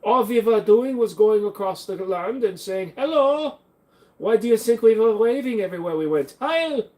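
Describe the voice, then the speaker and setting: A man's voice: high-pitched, lively intonation, normal speed, voice pushed up. A man putting on a blustering mock-German soldier. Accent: put-on German. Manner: mock-pompous, shouty.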